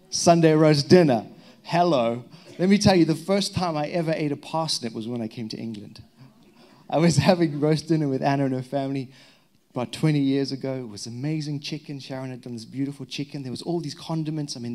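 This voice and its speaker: A man from Zimbabwe with a Zimbabwean accent, a pastor giving a lively sermon with humorous stories. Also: a little high. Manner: lively, humorous storytelling with prayer. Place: church hall.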